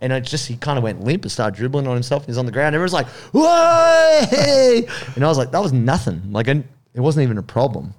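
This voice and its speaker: A man with an Australian accent tells a story casually in a medium-pitched voice, talking very fast with hardly any pauses. He's animated and acts out the voices of the people in his anecdote.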